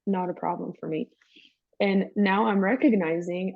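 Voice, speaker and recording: A woman's voice: medium pitch, steady tone, normal speed, creaky, darkish tone, no echo. A woman guest telling her story in an emphatic, chatty way, with a dry, dull lo-fi sound. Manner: emphatic, chatty, calls listener "girl". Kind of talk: candid personal storytelling.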